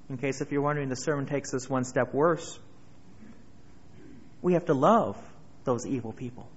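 A male pastor delivers an earnest sermon in a fairly high voice. He swells louder on key phrases. The recording is muffled and dull.

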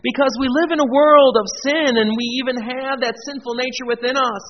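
In a church, a male pastor preaches earnestly, swelling in volume on scripture quotes and dropping to quiet, low asides for self-deprecating remarks. His intonation is fairly even and his pace fairly quick. The recording is dull and lo-fi, in a reverberant church hall with faint noise.

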